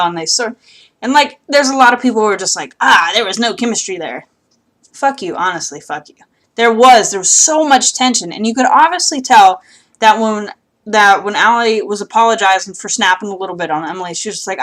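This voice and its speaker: A woman's voice: medium pitch, fairly bright tone. A young woman casually recapping a TV episode outdoors, rambling and swearing, with lots of fillers. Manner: chatty, profane, rambling with many fillers. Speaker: TV recap vlogger.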